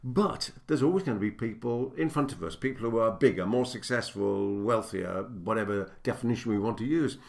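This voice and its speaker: A man's voice: on the low side, brisk, gravelly, hardly any pauses. An older man, a business coach, giving a direct-to-camera teaching talk, stressing his points and building them in repeated lists.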